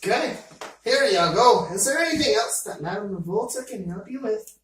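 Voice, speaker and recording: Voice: mid-range voice, animated, moderate pace, a bit bright, heavy reverb, recorded from a distance, a little hiss or hum, pitched above the performer's own voice, lightly acted. A game master voicing a tipsy female shopkeeper who slips into a put-on Scottish accent, with cheery, hospitable patter.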